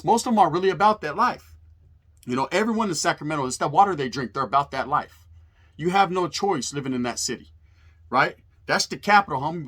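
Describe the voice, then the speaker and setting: A man's voice: a little high, fairly bright tone. A man hosting his own channel, telling prison stories in a casual, emphatic monologue full of street slang and swearing.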